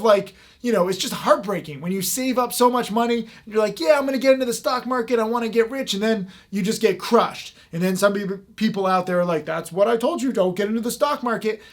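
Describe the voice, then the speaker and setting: A man talking straight to the camera as a trading educator, speaking in a fast, emphatic way with plenty of fillers. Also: high-pitched. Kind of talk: direct-to-camera talk.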